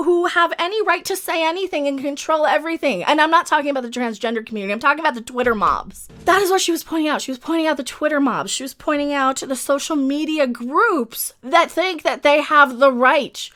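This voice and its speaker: A woman's voice: high-pitched, fairly bright tone. A woman hosting a commentary video, ranting in a heated, emphatic way, repeating her points and swearing often. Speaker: commentary channel host.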